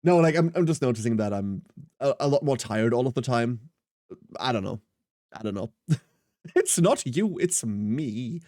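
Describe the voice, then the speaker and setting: A man's voice: mid-range voice, big pitch swings, normal speed, pauses often, a little mellow, dry recording, studio quality. A man in his thirties streaming a game, chatting casually and rambling with self-mocking humour as he answers chat. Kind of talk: casual live-stream chat while gaming.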